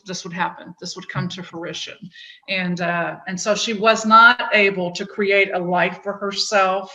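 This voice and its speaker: A woman guest in an interview, speaking in a slow, halting way with many pauses and restarts. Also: mid-range voice, pushed and bright, poor audio. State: tearful, voice breaking. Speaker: podcast guest. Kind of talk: emotional interview conversation.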